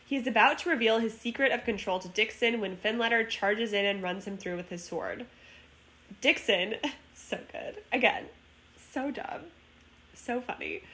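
Here a woman speaks with a slightly high, sharp voice. Co-hosting a casual podcast about a movie, she keeps giggling while she works through reading the plot summary.

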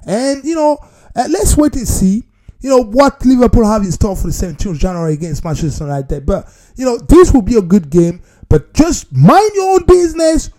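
Man, football commentator vlog, mellow voice, very lively pitch, keeps addressing viewers as "people.". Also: a little fast. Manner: animated, repetitive, talks straight to viewers as "people". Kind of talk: casual football opinion monologue.

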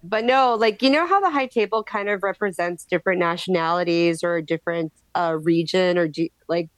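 A woman's voice: fairly low pitch, fairly quick, dry recording. A woman co-hosting a podcast in casual chat, chatty and rambling with restarts. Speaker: podcast co-host.

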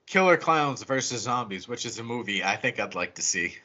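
A man casually retelling a film's plot on a podcast, swearing freely and slipping into quick voices for the characters. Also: mid-range voice, expressive, sharp tone, lo-fi sound. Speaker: podcast co-host. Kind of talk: casual movie recap.

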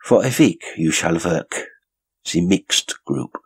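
A man's voice: animated, slow pace, heavily acted, poor audio. A man voicing a sinister older male circus director who stays mockingly polite. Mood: silkily menacing. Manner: smooth, mocking politeness with sudden high lilts.

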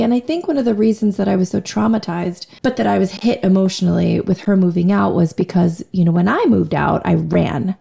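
A woman in her forties talks openly on her own podcast, with a heavily gravelly, fry-laden voice that is hoarse and cracking from recent laryngitis. Her tone is dark and mellow, and she speaks with raw emotion and casual swearing. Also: medium pitch, a little fast, few pauses. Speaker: podcast host. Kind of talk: candid personal monologue.

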